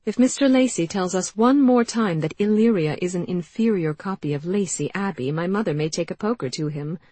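Brief: wry young lady, dry wit, dark husky timbre, read by a woman. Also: on the low side, fairly quick, no echo, voice pushed up. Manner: dry, teasing. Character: witty, sharp-tongued young lady. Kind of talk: audiobook character voice.

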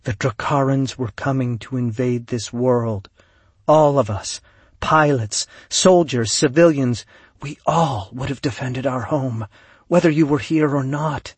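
A man's voice: mid-range voice, a little slow, breathy edge, dry recording. A man voicing a tender, telepathic young woman in an audiobook, speaking earnestly and reassuringly in a raised voice. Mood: firm.

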